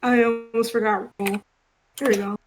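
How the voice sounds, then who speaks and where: A woman's voice: on the high side, fairly even intonation, normal speed, background noise. A woman playing in a tabletop role-playing game, chatting casually, laughing often and swearing freely. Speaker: player.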